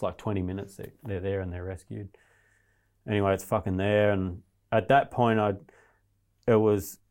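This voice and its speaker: A man telling a survival story in casual, rambling, heavily profane talk. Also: deep voice. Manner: profane, rambling, animated retelling.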